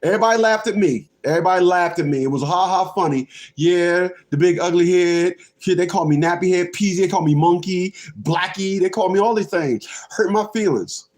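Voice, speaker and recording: A man's voice: high voice, a little fast, few pauses, darkish tone. A man in his fifties ranting on a livestream, laughing often, repeating himself and cursing. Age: 50s. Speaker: livestream host. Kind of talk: rambling livestream rant.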